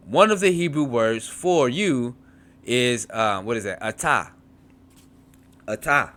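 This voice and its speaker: Bright-voiced man sounding out Hebrew syllables. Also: mid-range voice. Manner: halting, repeats words and sounds out syllables slowly; checks in with "right?" often. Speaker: Hebrew teacher. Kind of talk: informal grammar lesson, reading from a textbook.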